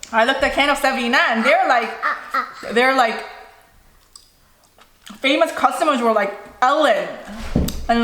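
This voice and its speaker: A young woman vlogger with a fairly high voice tells a story to camera, casual and lively. She slips into the voices of the people in her story as she goes. The sound is echoey, as if recorded in a bare room. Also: a little hiss or hum.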